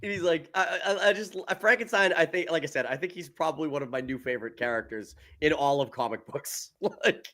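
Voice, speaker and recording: A young man co-hosting a casual movie podcast, excitable, swearing freely and laughing often. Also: fairly high pitch, a little fast, hardly any pauses. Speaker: podcast co-host.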